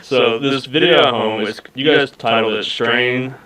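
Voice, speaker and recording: A man's voice: medium pitch, unhurried, bright, forceful tone, roomy sound, poor audio. A man hosting a live paranormal podcast, easygoing and joking, laughing often as he talks. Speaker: podcast host. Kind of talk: casual live interview.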